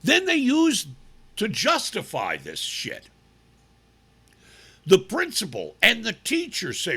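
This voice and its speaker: A male radio talk host delivering an opinionated monologue. His voice is bright and gravelly, with a husky edge. He talks in a sarcastic, mocking way. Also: high-pitched, huge pitch swings, takes it slowly, pauses often. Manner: sarcastic, mocking, acts out people in put-on voices. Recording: live radio broadcast stream.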